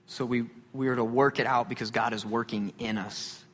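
A man preaching a sermon as pastor, talking in a conversational, animated way with joking asides. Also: medium pitch, moderate pace. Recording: reverberant hall.

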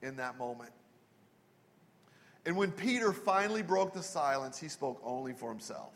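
A man preaching a sermon as pastor, telling stories and dropping to a hushed voice for quoted words. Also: medium pitch, expressive, moderate pace. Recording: long reverb of a large hall.

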